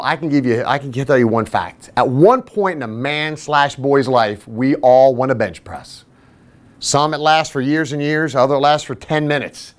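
A fitness trainer and podcast host telling a casual, self-deprecating story, acting out the other people's voices as he goes. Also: medium pitch. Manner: animated, self-deprecating, acts out quoted voices.

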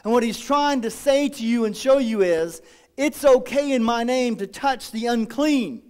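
A man preaching a sermon as pastor, lively and dramatic, acting out the voices of his congregation. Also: very high-pitched, unhurried, clear, resonant tone.

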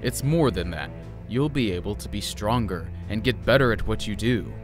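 Earnest superhero father, low steady voice, background music as a man plays him. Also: moderate pace, natural voice. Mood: firm. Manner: calm, earnest, lecturing.

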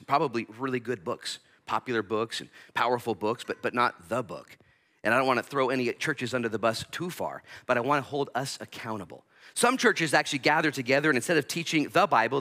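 A male pastor preaching a sermon, animated, acting out little voices and bursting loud at times. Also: mid-range voice. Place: church sanctuary.

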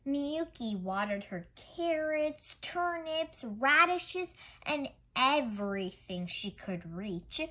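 A woman reading a children's storybook aloud gently and carefully, with occasional stumbles. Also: a little high, poor audio. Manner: gentle, careful, small misreadings. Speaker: storybook reader.

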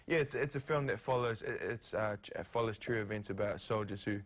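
A man with a New Zealand accent, an actor guesting on a TV morning show, talking in a halting way with many ums and restarts. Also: lowish voice. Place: TV studio.

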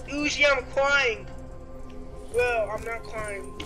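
A man giving rambling, excitable let's-play commentary, yelping and shouting at the game. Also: extremely high pitch, slow, long pauses, over loud music. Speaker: gameplay commentator.

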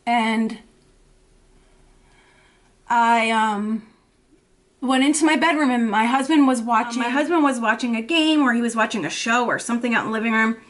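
A woman in her thirties, a mother talking to camera in an emotional personal vlog, anxious and tearful, halting and repeating herself with many fillers. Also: on the high side, a bit bright. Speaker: vlogger and mother.

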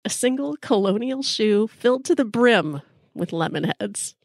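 A woman's voice: a little high, expressive, unhurried, darkish tone, no echo, clean studio sound. A middle-aged woman, hosting a podcast and telling a comic story with wry timing. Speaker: podcast host.

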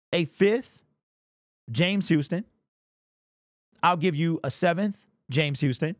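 A man's voice: fairly high pitch, no room sound, studio quality. A man hosting a fan commentary channel, talking in an amped, emphatic way and repeating his points. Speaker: sports channel host.

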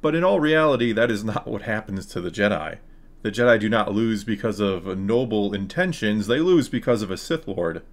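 A man's voice: lowish voice, lively intonation, moderate pace. A man recapping and critiquing a TV episode in a casual, sarcastic, frustrated way. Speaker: YouTube reviewer.

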